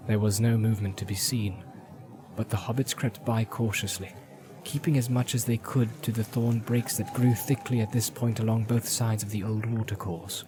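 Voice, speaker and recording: A man narrating a fantasy audiobook in a measured storytelling way. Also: fairly low pitch.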